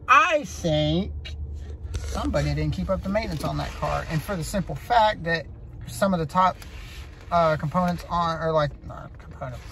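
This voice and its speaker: A man's voice: on the high side, animated, normal speed, vocal fry. A man chatting casually about buying a used car, blunt and joking, swearing freely, recorded in and around a car. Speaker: car buyer. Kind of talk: casual chat. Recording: vlog audio with loud traffic noise.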